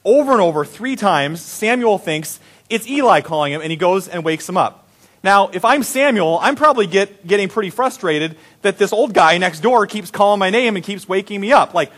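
A man's voice: high-pitched, lively intonation, fairly quick, fairly bright tone. A male pastor giving a sermon in a conversational, playful storytelling manner.

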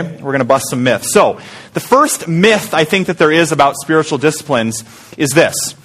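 A man's voice: a little high, fairly bright tone. A man preaching a conversational sermon to a church group in small pods, often asking the room questions. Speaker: pastor.

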